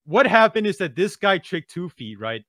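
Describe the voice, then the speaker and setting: Bright, animated male storyteller. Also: high-pitched, normal speed, no echo, studio quality. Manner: animated storyteller, tags lines with "right?". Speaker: podcast co-host. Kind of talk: casual podcast discussion.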